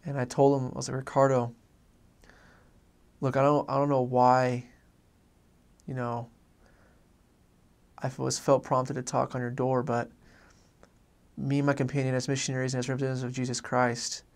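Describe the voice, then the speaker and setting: A man, a former missionary, telling an earnest faith story in a halting way with many restarts. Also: mid-range voice, monotone. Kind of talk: personal faith testimony story.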